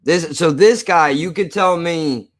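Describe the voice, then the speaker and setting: A man's voice: fairly high pitch, measured pace. A man chatting casually on a live stream. He jokes, swears a lot and laughs often. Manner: profane, joking, laughs often.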